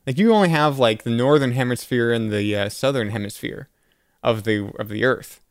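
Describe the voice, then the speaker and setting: A man playing a trivia board game, answering in an easygoing way and reasoning out loud. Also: mid-range voice, moderate pace, dry recording, clean studio sound. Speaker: game player. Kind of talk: casual chat over a board game.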